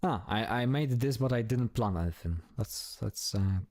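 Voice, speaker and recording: A man's voice: medium pitch, animated, moderate pace, darkish tone, no room sound. A man giving casual, chatty commentary while he plays a building game, talking to himself and swearing now and then. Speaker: gameplay streamer.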